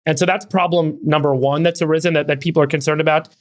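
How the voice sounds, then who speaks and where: A middle-aged man co-hosts a podcast and explains things at length. His voice is slightly high. He talks fluently but often repeats words as he goes. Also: fairly even intonation, quick pace. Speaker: podcast co-host.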